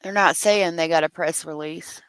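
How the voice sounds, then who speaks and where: A woman's voice: sits low, steady tone, moderate pace, clear, resonant tone, no room sound, poor audio. A woman hosting a true crime livestream, chatting casually, reading viewer comments aloud and laughing often.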